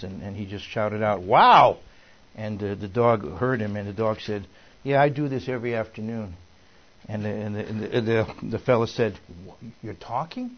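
A man's voice: on the low side, muffled recording. A man preaching a sermon as a minister, folksy and rambling with many fillers and restarts.

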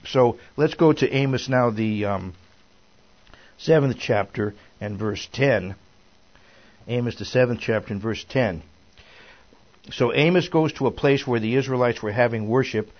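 Folksy older man teaching a Bible class. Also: mid-range voice. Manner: folksy, digressive, chuckles at his own stories. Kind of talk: informal Bible lesson. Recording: dull lo-fi recording.

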